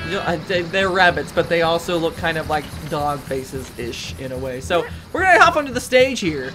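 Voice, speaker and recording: A woman's voice: sits low, big pitch swings, a little fast, music in the background. Bubbly woman rambling over gameplay. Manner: chatty, rambling and self-mocking. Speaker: let's play host. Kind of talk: gameplay commentary.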